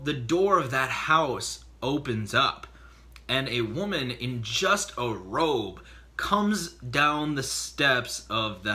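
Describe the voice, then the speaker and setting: A man vlogging to camera, telling personal stories with big dramatic reactions and acted-out quotes. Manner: excitable, acts out voices in his stories with big pitch jumps. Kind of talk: animated storytelling to camera.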